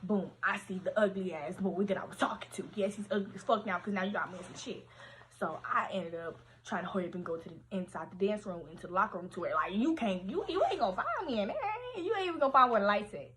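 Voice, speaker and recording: On a casual livestream, a young woman with a mid-range voice tells a story from her teenage years, talking fast with plenty of slang and profanity. She's animated throughout, and there's a little hiss or hum in the recording.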